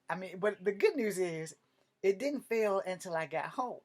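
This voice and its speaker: A man with a slightly high voice tells a rambling comic story to camera. He jokes, curses freely and keeps an animated, chatty flow. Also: moderate pace. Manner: animated, profane, joking. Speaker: vlogger. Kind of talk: comedic storytelling rant.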